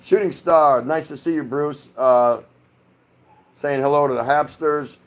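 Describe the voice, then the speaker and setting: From his home in the Philippines, a middle-aged man from the United States runs a casual livestream, reading viewers' comments aloud and rambling in response. His voice is on the high side, his pace is measured, and a faint hiss or hum runs underneath.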